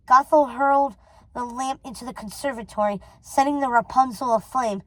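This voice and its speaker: A woman's voice: sits high, moderate pace, dry recording, low-quality recording. Woman reading a storybook aloud. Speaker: reader.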